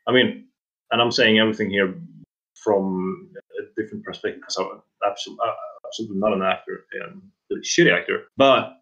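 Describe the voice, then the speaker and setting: A man guest on a casual podcast, talking in a rambling, halting way with many restarts. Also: fairly low pitch, a bit bright, dull audio. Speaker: game sound designer guest.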